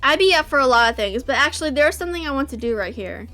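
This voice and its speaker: A woman's voice: sits high, lively intonation, fast talker, pushed and bright, soft background music. Cove: a woman reading a sheepish young guy. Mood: casual. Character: friendly young man, a bit sheepish.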